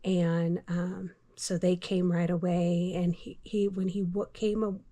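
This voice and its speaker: A middle-aged woman vlogger telling a personal story in a casual, hesitant way, with many pauses and fillers. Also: lowish voice, little pitch movement, warm tone. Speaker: homestead vlogger.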